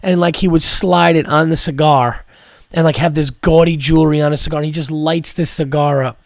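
A man's voice: a little high, steady tone, brisk, dry recording, clean studio sound. A man, a comedian hosting a podcast, telling a rambling story full of swearing and "like" fillers. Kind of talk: casual storytelling.

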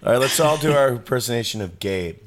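A man's voice: mid-range voice, lively intonation, fast. A man hosting a podcast, teasing his guests in a dry, sarcastic way. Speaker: podcast host. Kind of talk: casual podcast banter.

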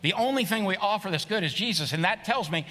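A man's voice: high voice, expressive, fast, bright, forceful tone. A middle-aged man preaching a sermon as pastor, earnest and emphatic, often repeating phrases. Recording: long reverb of a large hall.

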